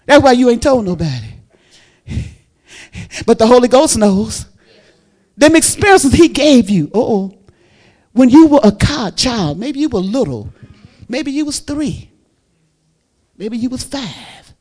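A woman preaching a sermon, fervent and folksy, shouting and repeating her phrases. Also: on the high side, very animated, unhurried, pauses often.

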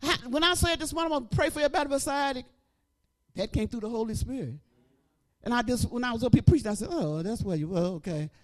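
A middle-aged woman preacher giving an animated testimony, breaking into praise and shouting at the peaks. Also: sits high, fast. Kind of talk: testimony sermon.

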